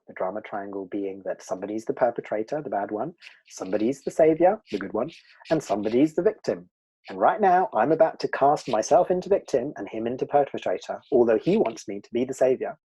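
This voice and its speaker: A man leading an online workshop, animated, laughing often and playing out voices. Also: medium pitch, slightly rough, rough recording. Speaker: presenter.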